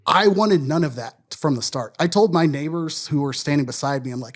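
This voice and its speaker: A man's voice: fairly high pitch, a little fast, hardly any pauses. Man from Wisconsin telling a story. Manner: loose, profane, self-deprecating storyteller. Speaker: podcast co-host. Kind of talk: casual storytelling chat.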